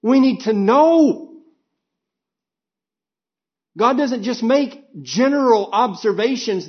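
A man's voice: extremely high pitch, expressive, slow pace, pauses often, lo-fi sound. A man preaching a sermon, earnest and emphatic, reading scripture aloud and pressing his points.

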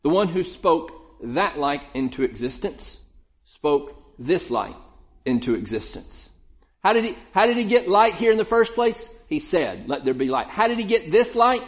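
A man preaching a Bible sermon, asking questions and dropping low to answer them. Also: big pitch swings, moderate pace, hardly any pauses, lo-fi sound.

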